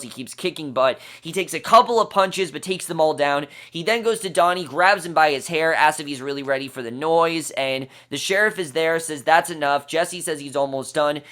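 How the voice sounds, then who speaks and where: A man with a voice pitched a little above the usual walks through a TV episode scene by scene. He sounds casually enthusiastic and chatty, often stumbling over restarts and fillers as he shares his opinions. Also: fairly bright tone. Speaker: TV series reviewer. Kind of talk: casual episode recap and review.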